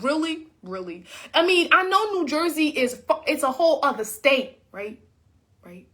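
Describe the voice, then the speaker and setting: A woman's voice: sits high, moderate pace. A woman, an author, telling a casual story to her viewers, acting out what people said and chatting to them directly. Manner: animated, acts out quotes, talks to viewers as y'all. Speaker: author and vlogger.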